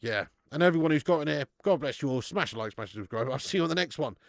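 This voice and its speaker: A man's voice: on the high side, expressive, fast, vocal fry, dry recording, studio quality. A man hosting a live football watch-along from home. He chats casually, swears freely and calls out viewers by name. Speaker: live stream host.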